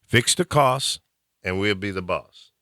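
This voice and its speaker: A man's voice: lowish voice, measured pace, pushed and bright, a little hiss or hum. A middle-aged man from the American South hosting a call-in talk show, ranting animatedly and preachily. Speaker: host.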